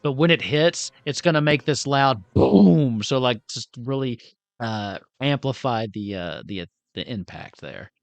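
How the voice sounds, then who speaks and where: A man's voice: medium pitch, lively intonation, normal speed, a bit bright, dry recording. A man playing in a tabletop game, joking and offhand in casual chat. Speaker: player.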